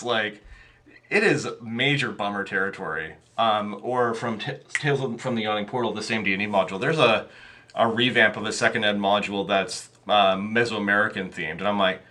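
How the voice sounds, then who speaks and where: A man with a lowish voice and a sharp tone speaks at normal speed as a podcast guest. He's a game master rambling about running tabletop games in a casual interview, full of fillers and restarts.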